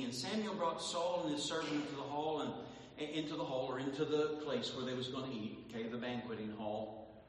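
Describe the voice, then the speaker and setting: A man preaching a sermon to his church, repeating phrases and rising into sung shouts. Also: mid-range voice, fairly quick, a little hiss or hum. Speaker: pastor. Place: church sanctuary. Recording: echoey church hall, distant mic, faint ambience.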